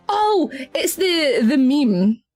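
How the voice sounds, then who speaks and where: A woman with a Scottish accent chats on a live stream, her high voice swooping up and down as she giggles and gets flustered. She calls her viewers darling. Soft music plays faintly underneath. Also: big pitch swings, very slow. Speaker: VTuber streamer. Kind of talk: casual live-stream chat.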